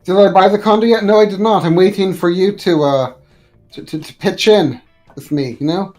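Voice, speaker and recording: A man's voice: sits high, normal speed, darkish tone, faint music behind. A man joking in casual chat while playing a game, often stumbling over his words.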